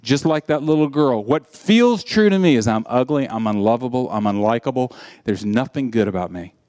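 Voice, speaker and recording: A man preaching a sermon in an animated, conversational storytelling way. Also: mid-range voice, normal speed.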